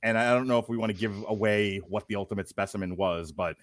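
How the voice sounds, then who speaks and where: A middle-aged man co-hosting a casual movie-review podcast, excitable and rambling, full of fillers and laughter. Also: lowish voice, fast talker, dry recording. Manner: rambling storyteller with many fillers. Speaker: podcast co-host.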